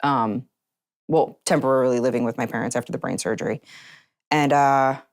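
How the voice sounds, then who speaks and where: A woman with a bass voice, a guest in an interview, tells her personal story earnestly, acting out conversations she remembers. She speaks fairly quickly, and there's no room sound.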